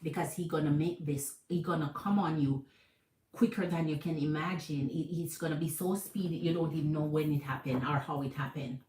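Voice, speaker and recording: Animated Jamaican woman reading tarot. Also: low voice, fairly quick. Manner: animated, repeats phrases, calls viewers Queen. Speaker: tarot reader. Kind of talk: live tarot reading to viewers. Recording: echoey room.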